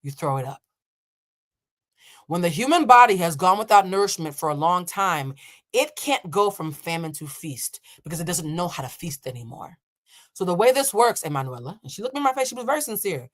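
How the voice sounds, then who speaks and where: A woman in her thirties who works as an emotional intelligence coach tells a story in a blunt, profane, animated way, acting out the voices of the people in it as she reacts and comments. Her voice sits on the low side and moves a little fast.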